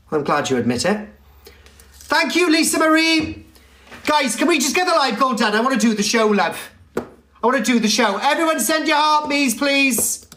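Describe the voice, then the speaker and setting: A man live streaming and reading chat comments aloud in a teasing, theatrical way, jumping from shouts to low mutters. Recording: echoey room with faint music.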